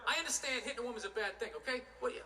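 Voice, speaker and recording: A man's voice: very high voice, very fast, recorded from a distance, heavy background noise. A man doing a stand-up comedy routine, ranting and exasperated, with plenty of profanity.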